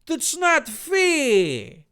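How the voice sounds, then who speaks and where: A man voicing an excitable, whiny young male trainer in a high, melodramatic voice. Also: drawn-out words, full character voice.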